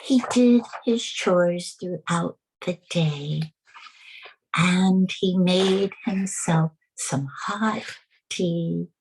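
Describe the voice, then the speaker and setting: A woman from the United States telling a children's story with animated sound effects. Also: on the low side, very slow, slight background noise, rough recording.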